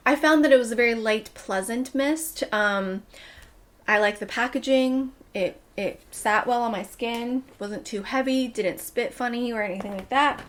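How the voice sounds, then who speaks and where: A woman's voice: a little high, fairly bright tone. A woman beauty vlogger chatting through products she used up, enthusiastic and a little out of breath. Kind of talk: casual product review.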